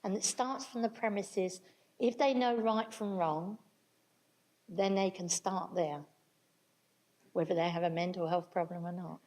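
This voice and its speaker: Older lady, warm low-key tone, earnest, leans on her words at a talk. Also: unhurried, pauses often, low-quality recording. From Britain. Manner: earnest, stresses words, backs up her partner. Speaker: speaker at a public talk. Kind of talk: conversational talk to an audience.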